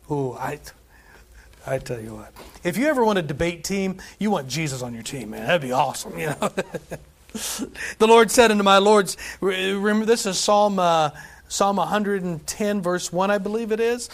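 High-pitched guy preaching a sermon, reads verses loud and slow then goes off chatting, sound. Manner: animated preaching, scripture read aloud with emphasis, asides and laughs. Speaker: pastor.

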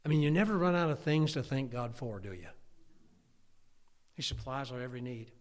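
A middle-aged pastor preaching a sermon, folksy and conversational, swelling into emphatic outbursts. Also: male voice, medium pitch, a little fast, long reverb tail.

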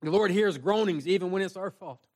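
A man's voice: sits high, a little fast, a little mellow. A young man preaching a sermon in an earnest, plain-spoken way, repeating phrases and reading scripture aloud.

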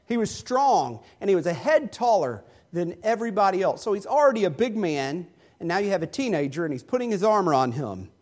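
High-voiced male preacher telling a story. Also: a little mellow. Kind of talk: sermon.

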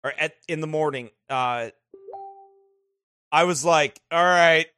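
A man from the United States with a somewhat high voice talks in a casual, animated way before a Bible study, laughing through his stories. His voice is bright and it swings up and down. The sound is dry and close. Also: slow, clean tone, no echo. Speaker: pastor hosting a Bible study.

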